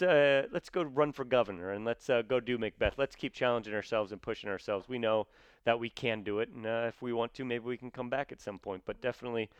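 A man's voice: medium pitch, smooth, no room sound. Hesitant man in casual sports chat. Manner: hesitant, many fillers and restarts. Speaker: comedy sketch performer, guest.

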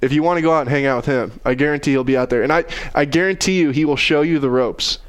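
A man's voice: fairly high pitch, fast talker, smooth. A young man co-hosting a casual sports chat, joking and rambling with lots of fillers. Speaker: podcast co-host.

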